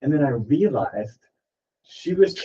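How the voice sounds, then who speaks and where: Warm-toned and unhurried, a real estate team leader of medium pitch encourages his staff in a rambling, animated meeting talk dotted with "like." He's well away from the microphone, and the dull, lo-fi sound picks up plenty of room ambience.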